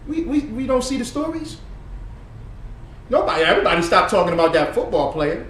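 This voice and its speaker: A man giving animated, preachy and profane reaction commentary on played clips, laughing often. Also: high voice, a little fast, pauses often. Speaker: online commentator. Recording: echoey room, far from the mic, faint noise.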